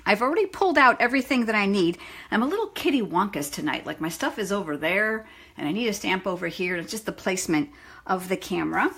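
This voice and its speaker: A woman's voice: medium pitch, lively intonation, fast talker, fairly bright tone, husky. A chatty middle-aged woman runs a live stamping demonstration from her home craft room. She greets viewers by name as she goes and jokes about her own mistakes. Her voice is picked up by a phone camera.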